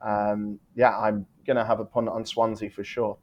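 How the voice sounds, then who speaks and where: A man co-hosting a betting podcast, giving football tips in a relaxed, rambling way and correcting himself as he goes. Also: fairly low pitch, normal speed. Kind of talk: casual betting tips chat.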